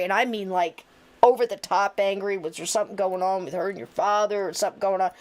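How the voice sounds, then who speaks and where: A woman's voice: medium pitch, fast talker. A woman around sixty hosting a podcast, telling stories in casual chat and acting out other people's words as she goes. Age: about 60. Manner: animated, tells stories with quoted voices and asides. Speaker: podcast host.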